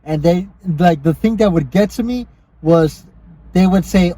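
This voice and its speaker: A man co-hosts a podcast, spinning loose, rambling stories in casual chat with frequent swearing and laughter. His voice is high-pitched and warm, and he speaks a little slowly.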